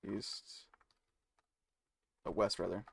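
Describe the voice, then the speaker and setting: A man streaming live, reading code aloud and musing to chat with many pauses and fillers. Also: fairly low pitch, level tone, gravelly, breathy edge. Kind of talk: casual live-stream chat while coding.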